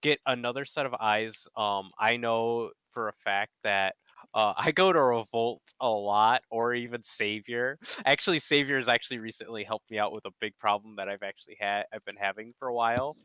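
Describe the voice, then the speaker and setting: Laid-back male co-host, bright tone, hesitant fillers, dry sound. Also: mid-range voice, normal speed, clear, resonant tone, no room sound. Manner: relaxed, hesitant with many fillers. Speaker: podcast co-host, dungeon master. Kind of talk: casual panel chat.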